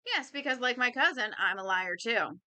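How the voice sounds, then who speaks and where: A woman voicing a curt, prickly middle-aged man who speaks gruffly and dismissively. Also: fairly high pitch, expressive, normal speed, bright, forceful tone.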